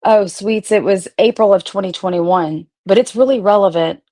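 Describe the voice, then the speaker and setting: A woman's voice: medium pitch, normal speed, mellow. Blunt, profane woman streamer. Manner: blunt, profane, talks straight to viewers. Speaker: streamer host. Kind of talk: casual livestream commentary.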